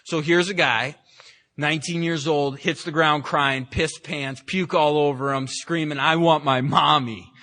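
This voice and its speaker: In a meeting room, an AA speaker from San Francisco, California tells his recovery story candidly and with self-mockery, restarting often. His voice is a little high and a little slow, pushed and bright, with fairly even intonation.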